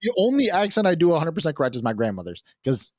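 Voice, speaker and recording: Animated, profane podcast host. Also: male voice, a little high, fast, no echo, studio quality. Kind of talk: casual podcast chat.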